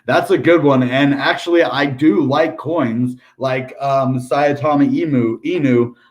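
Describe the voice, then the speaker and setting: A man's voice: mid-range voice, a little slow. An American man hosting a crypto channel, talking casually through price charts with lots of filler words and upbeat asides. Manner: chatty, upbeat, lots of ums and dude. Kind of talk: casual chart analysis livestream.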